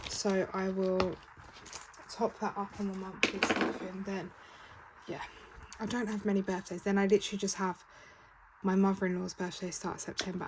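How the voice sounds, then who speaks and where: A British woman talking through her savings in a casual vlog, chatty and counting aloud, sometimes stopping to correct herself. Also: mid-range voice. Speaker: budgeting vlogger. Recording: clear background noise with keyboard clicks.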